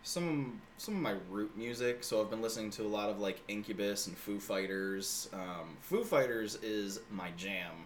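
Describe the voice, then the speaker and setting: A man's voice: lowish voice, normal speed, hardly any pauses, slight background noise. A man in casual chat, laid-back and hesitant, with many ums and likes.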